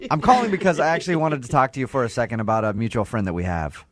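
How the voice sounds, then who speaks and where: A man's voice: medium pitch, racing, a crowd in the background. A man hosting a morning radio show, joking and teasing his callers.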